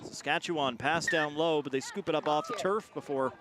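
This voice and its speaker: A man calling live rugby play-by-play as the main commentator, quick and energetic in his delivery. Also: a little high.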